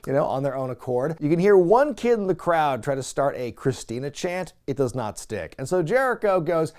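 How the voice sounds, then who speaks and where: A man's voice: a little high, very animated, normal speed, hardly any pauses, a little mellow. A man hosting a wrestling recap show, talking in a wry, chatty way and laughing at what he describes. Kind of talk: casual recap commentary.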